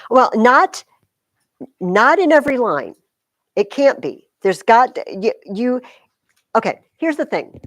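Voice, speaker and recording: A woman teaching high school English, talking her class through poetry in a loose, chatty way. She sounds close and dry in the classroom. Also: big pitch swings, slow pace, pauses often, dry recording. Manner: chatty, explains with sing-song rhythm examples. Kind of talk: classroom lecture.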